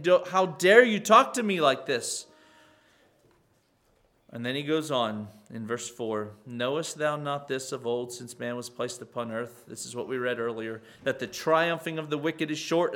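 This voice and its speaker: A man preaching, reading scripture aloud and then paraphrasing it in pointed questions, moving between loud emphasis and quiet explanation. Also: mid-range voice. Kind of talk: expository Bible teaching.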